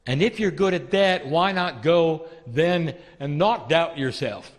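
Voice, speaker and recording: A man giving a channeled spiritual teaching, calling listeners "dear one" and asking rhetorical questions in a soft, deliberate way. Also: on the high side, long reverb tail.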